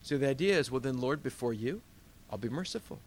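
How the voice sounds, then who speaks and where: A man preaching a sermon as a pastor at a church service, animated and emphatic, with frequent rhetorical questions. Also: mid-range voice, quick pace, slight background noise.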